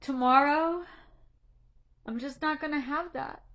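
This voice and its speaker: A woman's voice: high-pitched, measured pace, fairly bright tone. Earnest woman coach, tearful livestream talk. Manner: earnest, direct, a little preachy. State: tearful, emotional. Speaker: anxiety coach. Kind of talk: casual livestream talk to a group.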